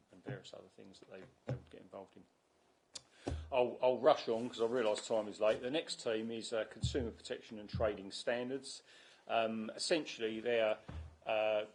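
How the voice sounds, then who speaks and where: A low-pitched English man with a gravelly edge gives a council committee a brisk rundown of his department's work. He speaks in a flat, level tone, often restarting his sentences as he hurries on. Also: slight background noise, rough recording. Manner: brisk, explanatory, many restarts. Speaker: council officer presenting to committee. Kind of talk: formal briefing to a council committee.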